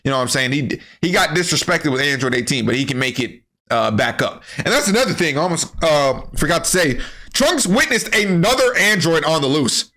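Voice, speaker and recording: Man, comedic anime recap rant, profane slang, lively jokes, high-ish bright voice. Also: moderate pace. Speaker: anime commentary creator.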